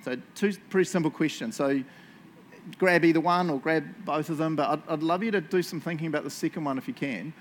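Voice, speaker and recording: Bible study leader, man, slightly high pitch, casual and joking, quizzes the room; faint background hum. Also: brisk. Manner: chatty, jokey, asks the room questions. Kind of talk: casual Bible teaching to a group. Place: indoor room with a group.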